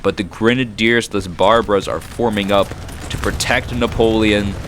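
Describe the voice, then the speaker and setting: A man giving casual, excitable commentary over a strategy game battle, reacting with frequent exclamations. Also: on the low side, moderate pace. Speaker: gaming commentator. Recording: noisy with battle sounds behind. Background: gunfire and battle noise from the game.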